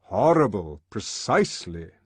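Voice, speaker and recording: A man voicing a stately older male world controller who lectures in a measured, commanding way. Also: lowish voice, big pitch swings, slightly rough, no room sound, heavily acted. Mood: lecturing.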